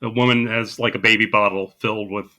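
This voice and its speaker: A man's voice: lowish voice, little pitch movement, fast talker, pushed and bright. A man co-hosting a podcast, casually recapping a movie with dry, sarcastic humor. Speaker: podcast co-host.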